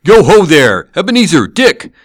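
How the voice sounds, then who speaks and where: A man voicing a fat, jovial old merchant who calls out in a rich, hearty, booming voice. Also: sing-song, moderate pace, dry recording, studio quality.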